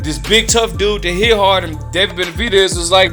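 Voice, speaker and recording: A man talks through boxing drama in loose, slangy commentary and acts out the quotes as he goes. His voice sits high and bright, with soft music underneath. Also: fairly quick. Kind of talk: casual commentary.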